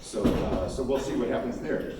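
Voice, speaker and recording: A man giving a conference keynote, animated and emphatic, acting out quotes from crowds. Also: medium pitch, moderate pace, slight background noise. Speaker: keynote speaker. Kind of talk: conference talk. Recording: echoey hall from far off, faint ambience.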